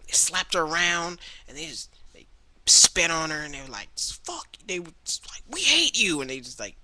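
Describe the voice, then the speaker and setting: A young man ranting casually to his webcam about movies he has watched, rambling and restarting often, sometimes mimicking people in a high voice. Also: fairly quick, bright, forceful tone, low-quality recording. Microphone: webcam mic.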